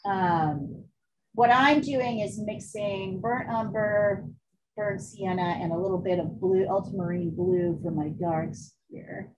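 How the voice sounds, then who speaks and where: A woman's voice: medium pitch, takes it slowly, a little mellow, rough recording. A woman art teacher talking casually through a live online painting class, candid and chatty, cursing now and then.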